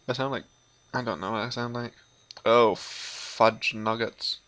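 A let's play host talking through a game in an unhurried, drawn-out way, cursing and making sarcastic jokes at what appears on screen. A faint hiss sits under the voice. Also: mid-range voice, fairly even intonation, fairly bright tone. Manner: profane, sarcastic running commentary. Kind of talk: casual gameplay commentary.

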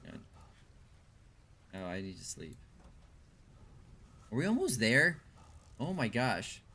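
A man's voice: medium pitch, wildly swooping pitch, slow pace, sharp tone, breathy edge. A man casually commenting while he plays a video game and chats with viewers, thinking aloud as he goes. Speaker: streamer.

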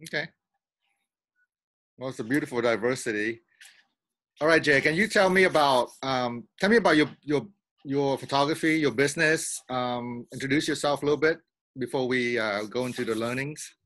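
A man's voice: mid-range voice, moderate pace, a bit bright. A man hosting a casual interview over a video call, upbeat and asking loose questions. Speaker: interview host.

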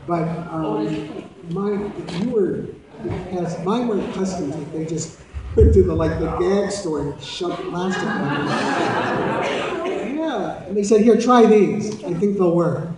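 A man's voice: sits high, expressive, takes it slowly, a loud crowd. A man speaking casually at a convention panel Q&A, chatting with the audience. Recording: echoey hall, mic held far off.

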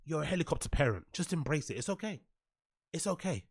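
A man's voice: on the high side, very animated, fast, breathy edge, no room sound, clean studio sound. A man reacting to podcast clips with sarcastic, mocking commentary, swearing and answering his chat. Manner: sarcastic, swears a lot, reads chat aloud. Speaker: commentary streamer.

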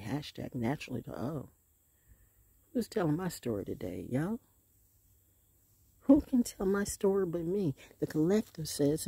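A middle-aged woman talking casually to her phone while walking alone outdoors, rambling from one thought to the next and dropping into soft hushed asides. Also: deep voice, vocal fry, husky, dry recording. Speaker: vlogger. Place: outdoors in nature.

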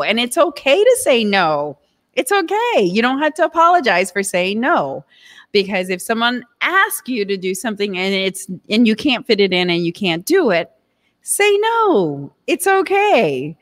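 A woman's voice: mid-range voice, fairly bright tone. A woman vlogger giving casual advice to the camera, chatty and direct, with many fillers and asides.

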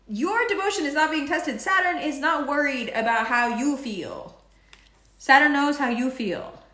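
A woman's voice: sits high, animated, a little slow, long pauses, fairly bright tone. A woman giving a casual horoscope and tarot reading, playful and chatty, wandering off on tangents and swearing now and then. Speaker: astrology and tarot reader. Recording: echoey room.

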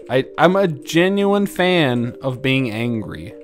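A young man narrates his own gameplay with an animated, jumpy voice that lurches from mutters to yells, cursing and joking as he goes. He drags out his words at an unhurried pace. Faint game music plays under him. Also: medium pitch. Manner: animated, swings from mumbling to loud yelling and laughter; profane, jokey. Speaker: gaming YouTuber. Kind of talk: let's play commentary.

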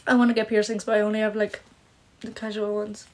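A woman's voice: mid-range voice, flat delivery, quick pace. A young woman with Polish parents who lives in Ireland, chatting casually on a phone livestream, reading comments and fretting with lots of "like". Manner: chatty, self-conscious, lots of "like". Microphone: phone camera.

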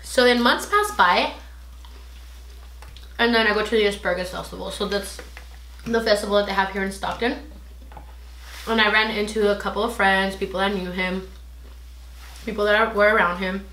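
A young woman vlogger telling a personal story in casual chat, animated and swearing freely as she acts out what people said. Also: mid-range voice, normal speed, pauses often, roomy sound, slight background noise.

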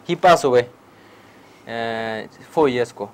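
In this low-quality recording, a meditation teacher with a Tibetan accent and a mid-range, slightly slow voice addresses a lecture hall. His public dharma talk, which takes questions, is delivered in broken English, full of animated stories and frequent "okay?" check-ins.

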